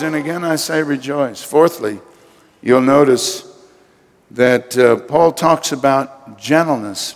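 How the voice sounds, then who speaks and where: In a church sanctuary with long hall reverb, an older pastor preaches a sermon slowly in a mid-range voice. He is emphatic and calls on his congregation to respond.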